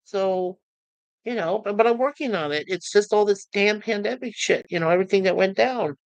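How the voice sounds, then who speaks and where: A middle-aged man hosting his channel, talking to viewers in a halting, emotional way with many restarts and repeated words. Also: sits high, dry recording, poor audio. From United States. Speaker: YouTube channel host. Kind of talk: emotional personal talk to viewers.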